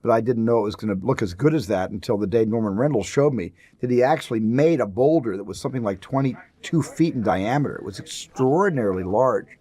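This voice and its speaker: A man, a film director, telling relaxed, anecdotal stories in a documentary interview, often repeating words as he thinks. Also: medium pitch, quick pace, hardly any pauses. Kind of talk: documentary interview, recalling the production.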